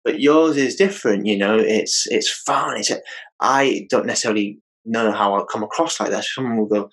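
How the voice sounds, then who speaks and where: Husky low-voiced British man host. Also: normal speed, a bit bright, low-quality recording. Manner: rambling, many "you know" fillers. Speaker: podcast host. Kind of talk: casual interview chat.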